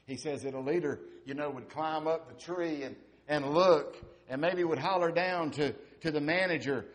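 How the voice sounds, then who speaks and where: A man's voice: fairly high pitch, moderate pace, few pauses. A man preaching a sermon, asking repeated rhetorical questions and building to emphatic peaks.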